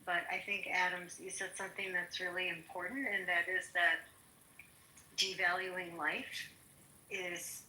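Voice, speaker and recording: A woman physician speaking as a panel guest, thoughtful and measured with hesitant pauses. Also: on the low side, little pitch movement, sharp tone, reverberant, poor audio. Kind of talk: panel talk.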